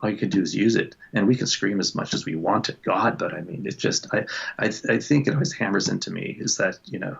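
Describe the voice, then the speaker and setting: Casual talker, male, gravelly and husky, rambling video-call chat with muffled lo-fi sound. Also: sits low. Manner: rambling, self-interrupting, quick laughs. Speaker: book club guest. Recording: dull lo-fi call audio.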